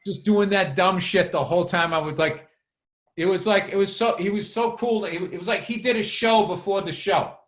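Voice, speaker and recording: A man co-hosting a podcast, chatting casually about a fellow comic in a relaxed, profane way. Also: sits high, moderate pace. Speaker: podcast co-host, comedian. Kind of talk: casual chat. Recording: roomy echo.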